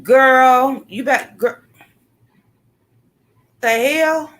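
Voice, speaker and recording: Blunt, animated woman chatting on a livestream. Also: high voice, extremely slow. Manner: blunt, animated, swears freely, talks to chat viewers. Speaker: livestream host. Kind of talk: casual live-stream commentary.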